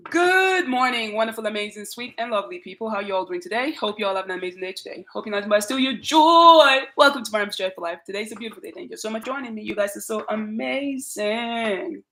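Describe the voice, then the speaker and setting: A woman with a Nigerian accent hosting a casual livestream, greeting viewers by name in an emphatic, lively way. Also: medium pitch, fast, few pauses. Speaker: channel host.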